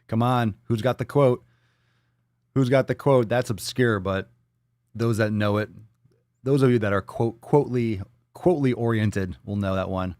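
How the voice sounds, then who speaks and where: Hosting a laid-back live stream from Florida, a man with a mid-range, darkish voice reads viewer comments at normal speed with long pauses. His talk is loose, profane, and jokey, with occasional silly voices. It sounds studio quality, with no room sound.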